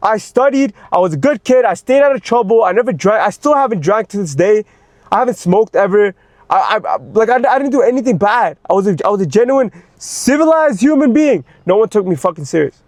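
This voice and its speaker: A man's voice: sits high, lively intonation, fast, dry recording, clean studio sound. A young man and fitness coach in an unscripted personal monologue, intense and ranting, swearing heavily and repeating himself as he gets worked up. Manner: repeats words when worked up.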